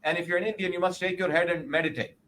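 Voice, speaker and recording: This is a man in his sixties speaking as an interview guest, his voice pitched high with a bright, forceful edge. He argues hard, swears freely and keeps asking whether the listener follows him. A faint hiss of background noise sits under the recording. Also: very fast. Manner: profane, emphatic, indignant, keeps checking with "okay?" and "you see?". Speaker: interview guest, presidential candidate. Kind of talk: combative interview talk.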